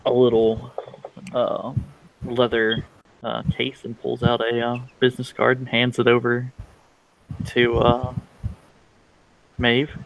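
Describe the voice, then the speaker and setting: A man's voice: mid-range voice, monotone, slow pace, creaky, pauses often, dry recording, lo-fi sound. A man playing a tabletop role-playing game, describing his character's actions hesitantly with many fillers. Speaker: player. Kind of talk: casual tabletop play.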